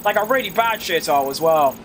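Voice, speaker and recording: A man's voice: fairly high pitch, expressive, fast talker, a bit bright, a little hiss or hum. A young man with a London accent, talking casually while playing a racing game and reading his chat aloud in a wry, self-mocking way. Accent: London English. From England. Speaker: gaming streamer.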